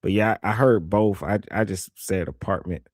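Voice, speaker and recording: A man giving casual reaction commentary on a news clip, animated and swearing, reading viewer comments aloud. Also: deep voice, normal speed, dry recording, clean studio sound.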